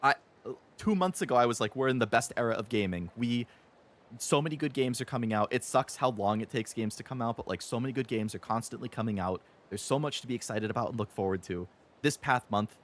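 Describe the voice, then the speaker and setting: A man's voice: medium pitch, fairly quick. A man in his twenties streaming a game, ranting heatedly and with plenty of swearing about the gaming industry and mocking companies in sarcastic voices. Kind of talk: ranting live-stream chat.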